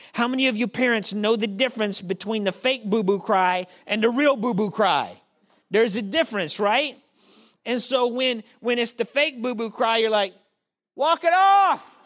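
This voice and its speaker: Speaking right to his congregation, a pastor with a high, fairly bright voice delivers a sermon casually and with humor. When he quotes someone, he performs their voice.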